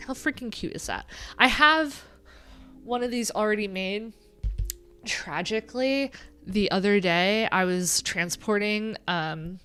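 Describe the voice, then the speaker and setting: A woman's voice: medium pitch, sharp tone, clear, resonant tone. A woman with a nasal voice chatting casually on her livestream, rambling and joking at her own expense. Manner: chatty, rambling, self-deprecating. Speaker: livestream host.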